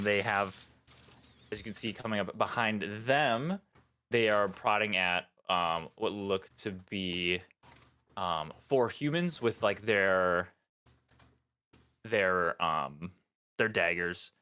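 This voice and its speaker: A man's voice: on the low side, slow, sharp tone, clean tone. A man narrating as dungeon master for a tabletop game, hesitant and full of ums. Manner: hesitant, lots of ums, voices characters in passing.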